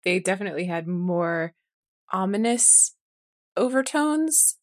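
A woman co-hosting a casual book podcast, retelling scenes in a lively way with acted quotes. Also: mid-range voice, a little slow. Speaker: podcast co-host.

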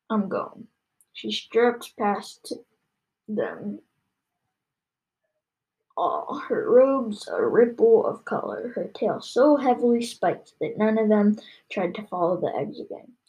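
A woman narrating a children's novel in an expressive storytelling way. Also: medium pitch, slow pace, low-quality recording. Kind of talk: audiobook reading of a children's novel.

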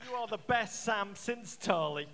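A man's voice: high voice, expressive, normal speed, a bit bright. A man co-hosting a live comedic show, playful and theatrical as he questions a guest. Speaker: co-host. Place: live stage before audience.

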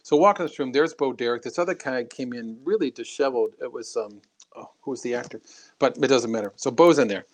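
Man telling animated political anecdotes. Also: mid-range voice, a little fast. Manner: anecdotal, animated, frequent restarts. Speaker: former congressman guest. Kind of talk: interview storytelling.

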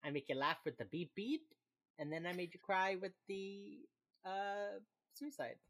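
A woman's voice: mid-range voice, a little slow. A young woman co-hosting a podcast, casually recapping a TV episode, chatty and laughing often as she acts out the characters' lines. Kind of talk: casual chat.

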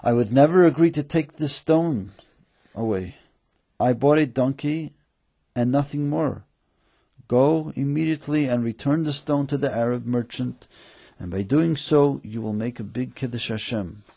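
A wise older rabbi speaks with firm emphasis and a dark, gravelly tone, voiced by a male storyteller. It is a storybook telling. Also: mid-range voice, unhurried.

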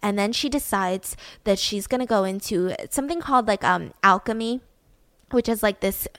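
A woman's voice: mid-range voice, moderate pace, a bit bright, no room sound. A woman hosting a podcast who tells a true-crime story in a casual, chatty way, often saying "like" and swearing now and then. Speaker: podcast host.

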